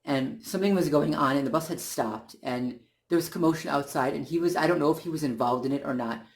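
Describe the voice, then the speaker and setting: A man's voice: fairly high pitch, a little fast. A man talking in a casual monologue, earnest and indignant, often restarting his sentences as he works through his point. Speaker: channel host.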